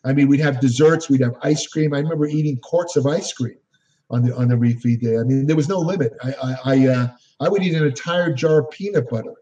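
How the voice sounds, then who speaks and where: A man's voice: mid-range voice, brisk, warm tone. An older man, an interview guest, telling rambling stories and correcting himself as he goes. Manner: rambling, self-correcting storyteller. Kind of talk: anecdotal storytelling. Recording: distant, dull lo-fi audio.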